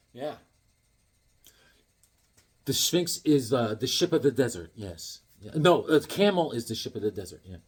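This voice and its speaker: A man's voice: mid-range voice, husky. A man chatting casually while showing comics, telling dad jokes and rambling stories. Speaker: comic collector.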